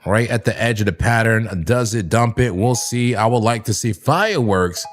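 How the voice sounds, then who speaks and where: A man hosting a live crypto trading stream, excitable and casual, laughing often and bursting into shouts as he banters with his chat. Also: on the low side, normal speed. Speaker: crypto trading livestream host. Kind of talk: hyped live trading commentary.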